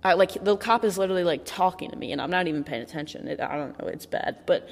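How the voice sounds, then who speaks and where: A woman's voice: on the low side, fast talker, gravelly, big-room sound. A young adult woman telling a personal story in a candid, chatty way, saying "like" a lot and swearing now and then. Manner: candid, chatty, heavy use of filler "like", swears. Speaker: vlogger. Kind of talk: casual storytelling.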